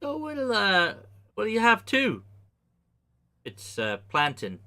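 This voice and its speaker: A man running a tabletop game as dungeon master, talking in halting bursts with lots of fillers. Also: high-pitched, huge pitch swings, pushed and bright.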